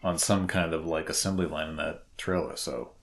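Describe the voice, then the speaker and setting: A man with a Boston accent talks casually on a podcast in a low, deep voice. He is excitable and rambling, restarting his sentences as he goes. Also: moderate pace, slight background noise. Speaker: podcast co-host. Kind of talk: casual chat.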